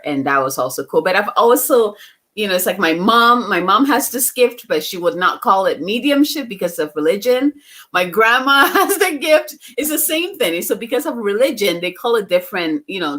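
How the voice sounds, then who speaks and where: A woman's voice: medium pitch, fairly bright tone. A woman guest from outside the US, telling personal stories in a casual, chatty way with frequent laughs and fillers. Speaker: psychic medium guest. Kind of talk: casual interview storytelling.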